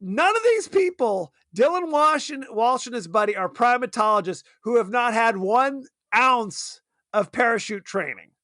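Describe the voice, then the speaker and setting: A man's voice: extremely high pitch, animated, normal speed, sharp tone, no room sound, clean studio sound. A man co-hosting a podcast in casual chat, amused and chatty, laughing often as he talks about a movie. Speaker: podcast co-host.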